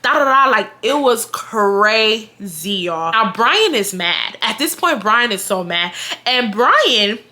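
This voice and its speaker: A woman's voice: medium pitch, lively intonation, takes it slowly, pushed and bright. A young woman telling a story on her vlog. She is blunt and profane, and speaks straight to her viewers. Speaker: vlogger.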